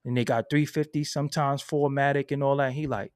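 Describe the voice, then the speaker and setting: A man from Brooklyn with a New York accent, hosting a casual commentary monologue, telling stories in an animated, profane, streetwise way. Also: medium pitch, brisk, dry recording, studio quality. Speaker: channel host. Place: at home at his computer.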